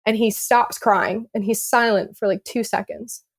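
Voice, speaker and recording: A woman's voice: fairly high pitch, steady tone, moderate pace, husky. A young woman telling her own story on a podcast in a casual, rambling way, full of "like" and acted-out quotes. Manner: rambling, many "like"s, acts out quotes.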